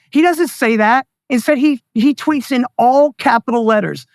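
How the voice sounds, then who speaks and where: A man's voice: extremely high pitch, moderate pace, few pauses, no room sound, clean studio sound. A man speaking as a guest in a political interview, ranting with sarcasm and scorn. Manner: mocks others in put-on voices. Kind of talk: heated political interview talk.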